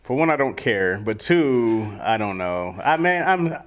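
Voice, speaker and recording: A man from Detroit co-hosting a casual podcast chat, laid-back and chuckling, acting out slang in quick bits. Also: mid-range voice, very animated. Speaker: podcast co-host.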